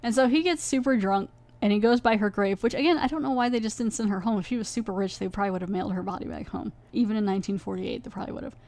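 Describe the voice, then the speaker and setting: A woman's voice: mid-range voice, darkish tone. A woman podcast host recapping a horror episode in a chatty, casual way, acting out the characters' lines as she goes. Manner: chatty, acts out lines in quick voices.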